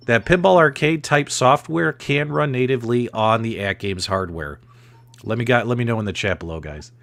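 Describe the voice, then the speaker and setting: A man hosting a gaming podcast, talking in an excitable, animated way. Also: mid-range voice, moderate pace, gravelly, no room sound. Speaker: podcast host. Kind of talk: casual chat.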